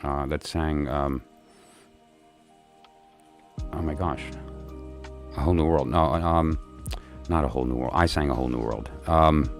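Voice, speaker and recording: A man with an extremely deep, low voice, chatting casually and tiredly on a livestream. He rambles, circles back, and fills his gaps with plenty of ums and uhs. A faint bed of music plays quietly behind him. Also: fairly even intonation, normal speed. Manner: rambling and chatty, many fillers and restarts. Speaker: livestream host chatting with viewers.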